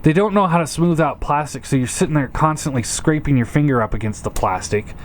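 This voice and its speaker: A man's voice: on the high side, fairly quick, a little hiss or hum. A man giving a casual hands-on toy review, frustrated and swearing, often stammering and repeating himself.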